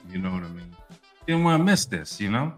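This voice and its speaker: Low-voiced man ranting on a podcast. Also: moderate pace. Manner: animated, profane, heavy use of "you know what I mean". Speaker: podcast host. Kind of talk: casual sports podcast talk and rant. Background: faint music.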